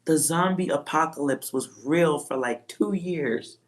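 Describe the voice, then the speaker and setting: Low-voiced blunt woman. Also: a little slow. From Texas. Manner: blunt, profane, laughs often. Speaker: psychic reader on a livestream. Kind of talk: casual livestream chat.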